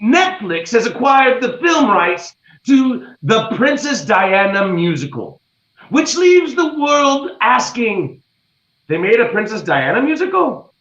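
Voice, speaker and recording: A man hosting a comedic news segment, setting up punchlines dryly and deliberately. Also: very high voice, very animated, fairly bright tone. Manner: dry, deliberate punchline delivery. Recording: roomy, dull recording.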